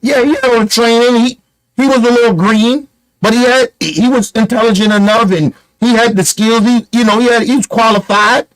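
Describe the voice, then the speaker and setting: A man's voice: extremely high pitch, fairly even intonation, a little fast, poor audio. A man giving a heated, profane commentary rant, blunt and emphatic, firing off rhetorical questions. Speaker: online commentator.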